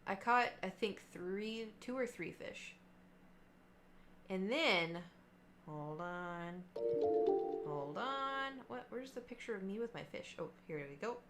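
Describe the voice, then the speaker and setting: Young woman streamer rambling to chat, lots of likes and ums, mid-pitched voice. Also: fairly bright tone, slight background noise. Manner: rambling storytelling, lots of fillers and asides. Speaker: livestreamer. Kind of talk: casual chat with stream viewers.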